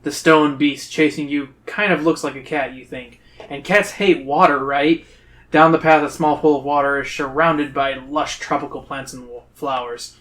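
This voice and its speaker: A man's voice: a little high, steady tone, normal speed, a bit bright. A man hosting a podcast who reads a choose-your-path adventure book aloud to friends, with dramatic, playful emphasis. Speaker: podcast host reading a gamebook aloud. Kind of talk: reading a gamebook aloud on a comedy podcast.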